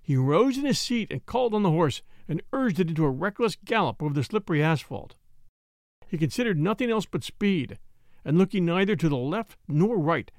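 A man narrating a story in an expressive, scripted reading. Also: on the high side, dry recording, studio quality. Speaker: audiobook narrator.

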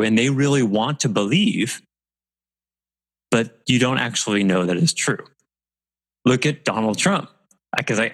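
A man's voice: lowish voice, poor audio. A man giving a casual webcast talk on leadership, conversational and self-correcting, laughing at his own asides. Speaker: leadership coach.

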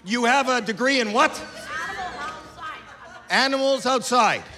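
An older man doing stand-up crowd work at a comedy club, loud and incredulous, shouting at an audience member. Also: very high-pitched, slow pace. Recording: reverberant club, crowd noise. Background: laughing crowd.

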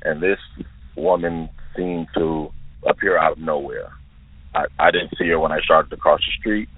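Deep husky man on a tinny phone line. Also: moderate pace, dry recording. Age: 20s. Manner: careful, detailed, earnest storytelling. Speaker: listener sharing an encounter. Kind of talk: recounting a personal eerie experience.

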